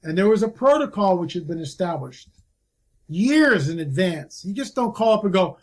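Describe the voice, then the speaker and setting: A man's voice: high-pitched, expressive, normal speed. A man speaking as a guest field researcher in a casual conversation, talking in an emphatic, impassioned way.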